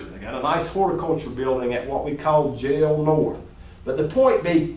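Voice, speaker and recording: A middle-aged reentry job-skills teacher leads his class in an animated, expressive way, his fairly high voice swinging up and down. He sounds a little distant from the mic in a large, echoey room.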